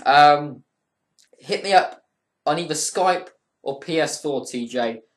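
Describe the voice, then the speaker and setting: A man's voice: a little high, takes it slowly. A young man giving a casual spoken review of a wrestling show, rambling and profane, with lots of ums and heated rants. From United Kingdom. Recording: echoey room.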